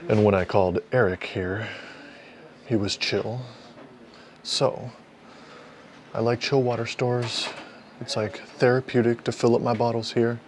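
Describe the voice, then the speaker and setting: A man's voice: mid-range voice, fairly even intonation, a little slow, pauses often. A young man talking casually to camera for a fitness vlog, playful and self-mocking, partly from inside a car. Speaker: fitness vlogger.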